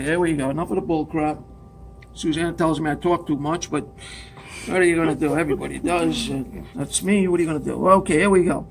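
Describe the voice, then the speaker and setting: A man's voice: on the high side, a bit bright, a little hiss or hum. A man teaching pottery at the wheel in a studio, chatty and joking as he demonstrates step by step.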